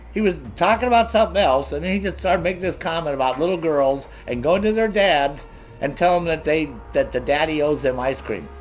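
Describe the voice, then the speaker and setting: A man streaming a video game and ranting in heavy profanity while he plays, laughing often. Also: fairly high pitch. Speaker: gaming streamer. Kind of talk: casual gameplay commentary.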